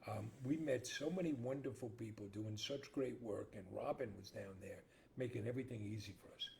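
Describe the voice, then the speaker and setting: A man's voice: mid-range voice, fairly quick, vocal fry, darkish tone, slight background noise. A middle-aged man co-hosting a casual show, telling jokes playfully and acting out the characters in them. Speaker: co-host. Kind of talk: casual joke-telling chat.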